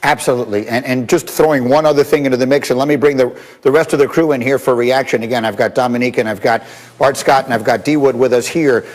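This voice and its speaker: A man hosting a sports talk show, brisk and steering the panel discussion. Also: medium pitch, fairly even intonation, big-room sound, rough recording. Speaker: host.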